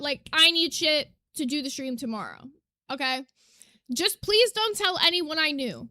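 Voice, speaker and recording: A woman's voice: extremely high pitch, bright, forceful tone, no room sound, clean studio sound. A young woman streamer ranting to her live chat, emphatic, profane and indignant as she lays out her side.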